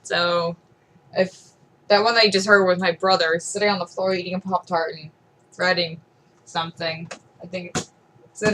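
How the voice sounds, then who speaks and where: A woman's voice: fairly low pitch, flat delivery, moderate pace, pauses often, a bit bright, slight background noise, low-quality recording. A woman vlogging at home into a camera close to her face, giggling often, silly and a little self-conscious as she rambles. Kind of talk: casual, rambling vlog.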